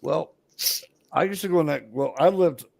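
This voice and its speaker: Gravelly Southern man telling stories. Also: on the high side, moderate pace, a little mellow, no echo. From Alabama. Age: middle-aged. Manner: folksy, rambling, colloquial. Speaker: co-host. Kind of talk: casual storytelling chat.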